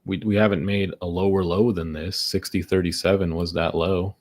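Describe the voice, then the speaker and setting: A young man with a fairly low voice talks through his trades live, and he keeps muttering and swearing about picking the wrong way. He sounds worn down and exasperated as the losses pile up. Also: level tone, normal speed, hardly any pauses, darkish tone. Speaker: day trader streaming live. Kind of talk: frustrated live commentary.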